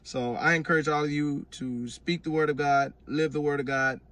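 A man's voice: fairly high pitch, steady tone, moderate pace, fairly bright tone, no echo, recorded from a distance. A man giving a casual, earnest personal testimony, rambling with frequent restarts. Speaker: vlogger giving religious testimony.

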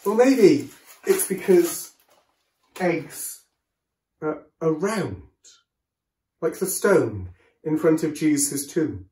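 A man leading a children's collective worship, telling a story gently and expressively for young listeners. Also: fairly high pitch, echoey room. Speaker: school worship leader.

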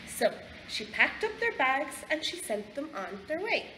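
Irish woman, library storytime reader, slow and animated, roomy echo, faint hiss. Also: sits high. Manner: slow, expressive, lively storytelling. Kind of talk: reading a picture book aloud to children. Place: library room. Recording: echoey library room, faint background noise.

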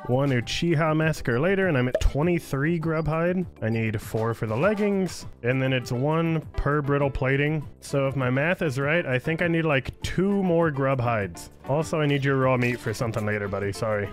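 A man's voice: mid-range voice, animated, normal speed. A man giving playful let's-play commentary, teasing the creatures he fights in the game. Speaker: gaming YouTuber. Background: game music.

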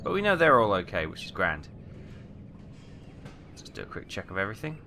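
Welsh male let's-play host, low-ish voice, rambling chatty narration over audible hiss. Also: sing-song, brisk, pushed and bright. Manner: chatty, muttering while working, British exclamations. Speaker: gaming video host. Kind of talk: casual let's play commentary.

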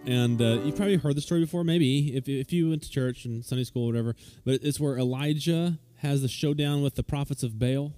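A man preaching a conversational sermon at a church service, informal, with many restarts and fillers, growing lively when he retells a story. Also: medium pitch, a little fast, hardly any pauses, faint music behind. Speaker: pastor.

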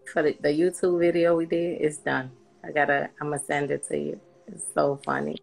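A woman's voice: low-pitched, moderate pace, vocal fry, soft background music. A woman in her thirties with a New Orleans accent, chatting and teasing casually on a phone livestream. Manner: teasing, laughing, lively Southern slang. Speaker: mother on a live video chat.

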